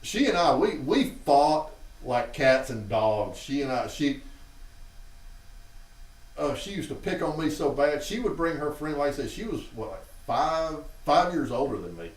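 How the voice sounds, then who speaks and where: A Southern man from Alabama tells family stories in a loose, chatty way and slips into quick voices for his relatives. His pitch jumps around a lot. He sits back from the mic in a roomy space. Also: distant mic. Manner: animated, acts out quotes from family members. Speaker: host. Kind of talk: casual storytelling to a live chat.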